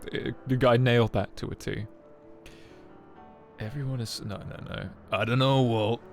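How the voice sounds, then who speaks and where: A young adult man with a steady, mid-range voice talks a little slowly while streaming a game, faint game music behind him. His casual chat rambles, full of self-mockery and joking asides.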